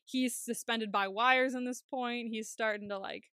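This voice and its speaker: A woman co-hosting a podcast, giving a casual, animated recap of a TV episode and acting out scenes with laughs. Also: a little high, unhurried, clean tone, no room sound, clean studio sound. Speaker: podcast co-host.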